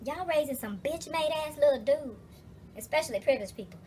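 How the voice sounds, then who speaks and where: A woman's voice: sits high, animated, a little fast, mellow, a little hiss or hum. A young adult woman vlogger retelling a story as a rant, profane, emphatic and exasperated.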